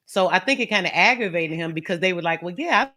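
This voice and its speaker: A woman casually retelling an online argument, talking in an animated, slangy way that keeps jumping up and down in loudness. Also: lowish voice, quick pace. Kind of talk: casual storytelling vlog.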